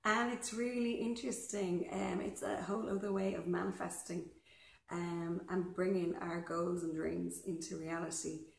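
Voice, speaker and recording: A woman chatting casually to camera outdoors in her garden while she works, unhurried, with lots of ums and a little out of breath. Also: fairly low pitch, steady tone, vocal fry, roomy sound. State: slightly out of breath from physical work. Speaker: vlogger.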